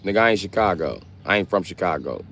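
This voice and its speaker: A man talks in a deep, low register. He streams live and jokes with his viewers in a brash, profane, trash-talking way. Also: big pitch swings, fast, a bit bright, a little hiss or hum. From Milwaukee, Wisconsin. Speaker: livestreamer. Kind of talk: casual live-stream chat.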